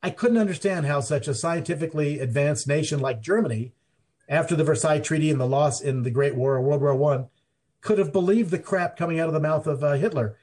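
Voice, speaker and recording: A man's voice: on the high side, brisk, darkish tone. A man talking as an interview guest, rambling with many restarts and fillers. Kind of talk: conversational interview. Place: Mountain Time Zone.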